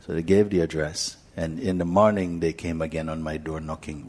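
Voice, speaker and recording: Spiritual teacher, male, telling a story to a gathering; very low, husky voice, gentle and unhurried. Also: steady tone. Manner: gentle, unhurried, pausing often. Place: talk hall in India.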